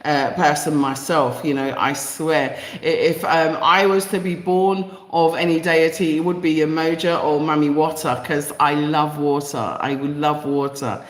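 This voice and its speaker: A woman's voice: sits low, steady tone, unhurried, hardly any pauses. London woman, live stream host, impassioned and repetitive, recorded in a roomy, echoey space. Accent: London English. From East London, England. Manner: passionate, emphatic, repeats phrases for effect. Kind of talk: live stream monologue reading viewer comments.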